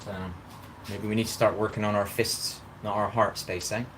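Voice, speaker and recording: A man's voice: lowish voice, level tone, moderate pace, a bit bright, slight background noise. A man talking in a rambling, casual live-stream monologue, constantly asking "do you know what I mean". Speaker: vlogger. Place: outdoors in a park.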